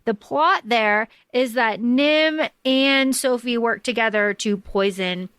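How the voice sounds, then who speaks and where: A woman's voice: fairly high pitch, slow pace, clean tone, dry recording. A woman co-hosting a podcast, casually recapping a book with lots of fillers like "like" and "uh". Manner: relaxed, filler-heavy, recaps plot. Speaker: podcast co-host.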